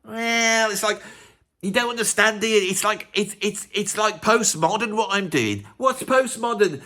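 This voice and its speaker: A man's voice: high voice, moderate pace, bright, forceful tone. Rambling, teasing male vlogger. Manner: rambling, teasing, self-mocking asides. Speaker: YouTube music channel host. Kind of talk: casual vlog commentary.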